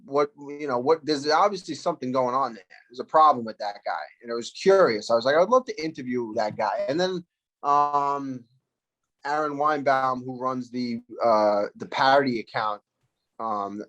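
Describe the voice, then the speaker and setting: A man talks loosely and casually, circling back and restarting his sentences. His voice sits in a middling pitch. He is heard through a phone with earphones on a call. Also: measured pace, a bit bright, muffled recording. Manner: rambling, loose, full of fillers and restarts. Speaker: fighter, interview guest. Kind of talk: casual interview over video call.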